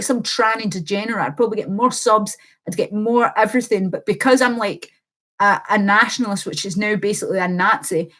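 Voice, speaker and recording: A woman's voice: medium pitch, a bit bright. Rambling woman livestreaming. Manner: rambling, swears freely, many fillers. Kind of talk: casual livestream chat, reading comments.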